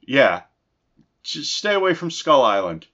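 A man's voice: medium pitch, sing-song, unhurried, pushed and bright. A man co-hosting a podcast, chatting casually about a film and making dry joking asides. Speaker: podcast co-host. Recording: dull lo-fi sound.

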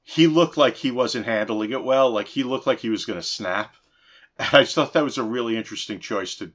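A man's voice: medium pitch, a little fast, fairly bright tone. Wry man co-hosting a podcast. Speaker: podcast co-host. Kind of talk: casual film discussion. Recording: dull lo-fi sound.

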